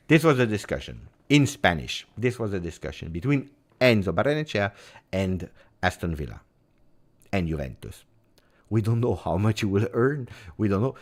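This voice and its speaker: A man hosting a football vlog, talking in an emphatic, theatrical way that jumps between loud and hushed. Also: on the low side, sing-song, moderate pace. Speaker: football channel host. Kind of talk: animated football commentary vlog.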